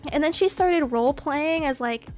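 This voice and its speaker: High-voiced giggly young woman streamer. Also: normal speed, soft background music. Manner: giggly, excitable, swearing. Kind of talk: casual chat.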